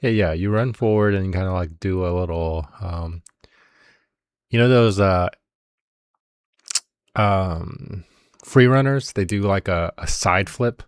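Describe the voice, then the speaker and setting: A man's voice: low voice, takes it slowly, long pauses, smooth, no echo, clean studio sound. A man running a tabletop game as game master, rambling and searching for words as he describes the action.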